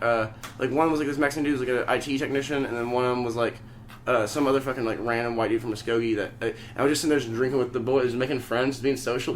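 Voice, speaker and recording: A young man from Oklahoma rattles off a profane, rambling story as a podcast host. His talk is quick and his voice bright and forceful, with a faint hum of room noise underneath. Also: medium pitch. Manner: rambling, profane, swears constantly. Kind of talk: casual storytelling chat.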